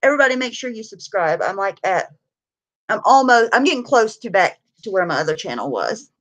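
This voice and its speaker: A woman's voice: mid-range voice, sing-song, brisk, fairly bright tone. A tired woman talks casually on her live stream, greeting viewers one by one and chatting. She laughs easily and keeps a loose, gossipy tone.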